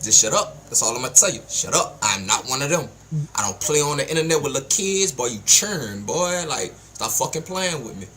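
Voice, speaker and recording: A man's voice: mid-range voice, expressive, a little fast, bright, forceful tone, a little hiss or hum. A young man co-hosting a podcast, brash and trash-talking in heavy slang. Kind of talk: rowdy casual podcast banter.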